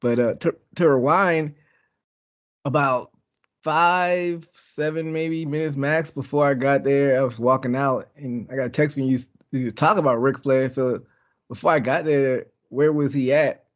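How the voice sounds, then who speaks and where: Laid back podcast dude, kinda hedgy, muffled lo-fi audio. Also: male voice, medium pitch, steady tone, a little slow. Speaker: podcast co-host. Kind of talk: casual chat. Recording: dull lo-fi sound.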